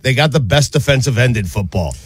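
A man's voice: medium pitch, lively intonation, brisk, breathy edge, dry recording. A man hosting a casual sports talk show, emphatic, laughing often and handing off to his co-hosts. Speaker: sports radio host.

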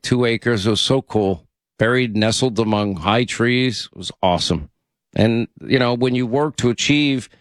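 A man's voice: medium pitch, dry recording, studio quality. A man hosting a call-in radio talk show, chatting casually and rambling in a friendly way with callers.

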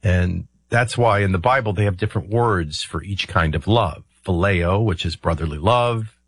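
A man's voice: low-pitched, moderate pace, a bit bright, breathy edge, dry recording. A middle-aged man hosting a talk radio show, explaining his views in a rambling, conversational way with many ums and uhs. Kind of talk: conversational political commentary.

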